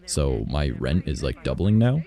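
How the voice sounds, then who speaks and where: Deep gravelly man streaming casually. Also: normal speed. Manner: excitable, swears a lot. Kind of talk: casual live-stream chat.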